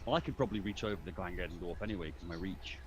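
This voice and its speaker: Male tabletop player, lowish voice, relaxed and joking, light noise behind. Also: rapid-fire, low-quality recording. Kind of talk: casual tabletop play.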